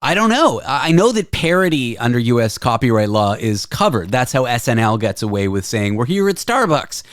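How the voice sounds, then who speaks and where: Lively chatty male radio host. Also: medium pitch, fairly quick, no echo, studio quality. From Canada. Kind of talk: casual conversation.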